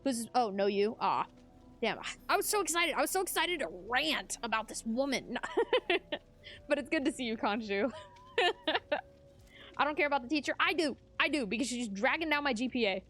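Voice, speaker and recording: A woman's voice: sits high, animated, normal speed, pauses often, fairly bright tone, soft background music. A young adult woman streamer chatting casually with her chat while gaming, laughing often.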